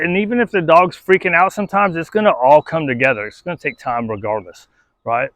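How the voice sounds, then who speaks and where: A man talks through dog training in a loose, conversational way, his voice sitting a little high. He keeps checking in with listeners. The sound is dry and close. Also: dry recording, low-quality recording. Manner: relaxed, conversational, often checks in with "right?". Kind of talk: casual instructional talk.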